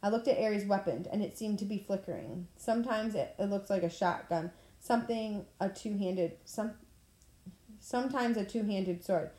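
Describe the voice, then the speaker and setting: Brief: woman reading a story aloud, mellow dark tone, roomy echo, plain delivery. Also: mid-range voice, moderate pace. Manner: plain reading, clears throat now and then. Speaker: audiobook reader. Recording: echoey room.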